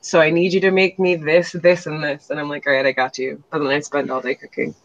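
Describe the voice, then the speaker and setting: A woman's voice: sits low, steady tone, fairly quick, muffled recording. A woman in a casual chat, telling stories chattily and acting out other people's lines. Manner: chatty storyteller, lots of fillers and acted-out quotes.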